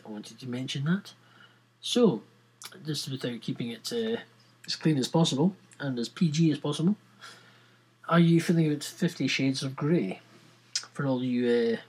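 A man's voice: mid-range voice, breathy edge, low-quality recording. A Scottish man hosting a podcast, rambling in casual chat with giggles and many fillers. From Scotland. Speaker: podcast host.

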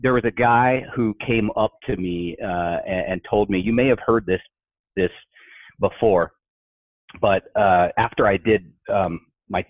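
This workplace humor storyteller has a fairly low voice and takes his time, animatedly voicing the characters in his anecdotes during a relaxed podcast conversation. The recording is dry and tinny, like a phone line.

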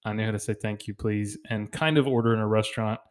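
A man in his thirties hosts a relaxed podcast conversation with his friend. He jokes easily and laughs often. He slips into playful voices when he quotes other people. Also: lowish voice, racing. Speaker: podcast co-host. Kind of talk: casual chat.

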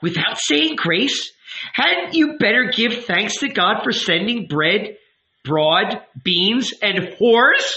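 A man's voice: mid-range voice, animated, takes it slowly, sharp tone, muffled recording. A man doing a scornful seductive woman. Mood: mocking. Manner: taunting, scornful. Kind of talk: audiobook reading.

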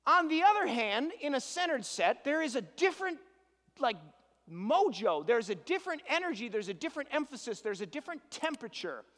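A man preaching a sermon as pastor, animated, piling up rhetorical questions and swinging from loud emphasis to hushed asides. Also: extremely high pitch, brisk, long reverb tail.

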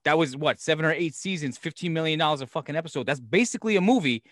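Brief: New guy, rapid and a touch high-pitched, profane storyteller, dry close sound. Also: dry recording. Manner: profane, animated storyteller, acts out quotes. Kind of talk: casual chat.

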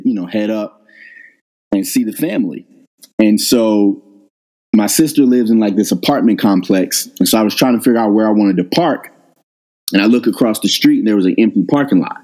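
A middle-aged man, a guest on an interview, telling a personal story in a casual, animated way and jumping up in pitch when he quotes himself. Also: rough recording. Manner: animated retelling, rises sharply when quoting himself. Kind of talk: conversational storytelling.

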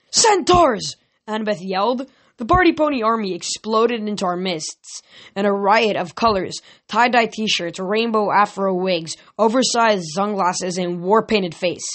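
A woman reading a novel aloud as an audiobook, with small slips and restarts. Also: mid-range voice. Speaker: reader.

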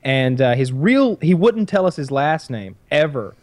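A man's voice: fairly high pitch, very animated, unhurried, darkish tone, no echo. A man telling a long story in casual chat, profane and rambling. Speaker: podcast storyteller.

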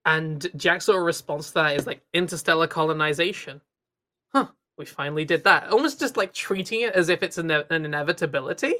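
A woman's voice: sits low, fairly quick, sharp tone. A woman co-hosting a casual chat, playful and jokey as she recaps a story. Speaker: podcast co-host.

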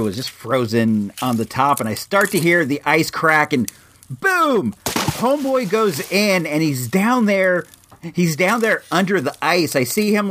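A man in his forties, from Illinois, telling a casual personal anecdote with frequent restarts and lively asides. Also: a little high, slight background noise. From Illinois, USA. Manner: rambling, frequent restarts, animated. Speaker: storyteller.

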